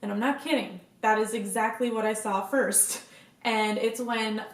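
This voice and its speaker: A woman's voice: on the high side, steady tone, moderate pace. A young woman vlogger chatting casually to camera, gushing enthusiastically and swearing now and then. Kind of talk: casual fan chat to camera. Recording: echoey room.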